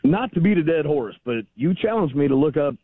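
A man's voice: fairly high pitch, animated, a little fast, breathy edge, dry recording. A man calling in to a radio show, arguing his point insistently. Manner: argumentative, presses his point. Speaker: caller. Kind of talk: phone call to a radio show. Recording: phone line.

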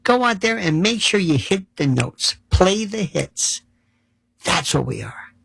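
A man's voice: sits high, big pitch swings, unhurried, creaky, a bit bright, breathy edge, dry recording, poor audio. A male political commentator delivering a sarcastic monologue and rattling off long lists of issues.

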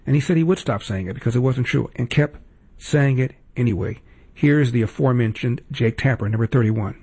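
A man's voice: medium pitch, a little fast, darkish tone, husky. A man hosting a political commentary show, talking in a sarcastic, indignant way. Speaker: host.

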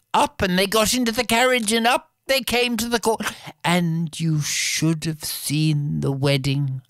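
A woman telling a fairy tale aloud in an expressive way, giving the characters their own voices. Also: deep voice, no echo, studio quality. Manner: expressive, voices characters, slow deliberate pacing. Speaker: storyteller. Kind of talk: oral fairy-tale storytelling.

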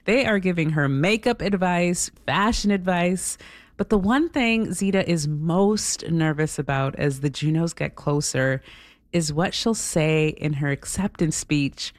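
A woman co-hosting a show, interviewing and narrating in a calm, measured way. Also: fairly low pitch, no room sound. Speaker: co-host.

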